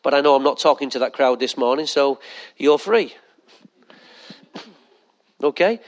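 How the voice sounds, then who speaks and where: Speaking at a medium pitch and measured pace, a pastor preaches with animation, asks the congregation questions, and acts out little asides.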